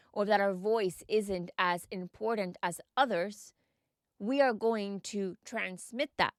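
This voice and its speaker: Earnest woman host, smooth dry voice. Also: medium pitch, no room sound. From United States. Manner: earnest, encouraging, asks the listener questions. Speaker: podcast host and mindset coach. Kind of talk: reflective podcast monologue.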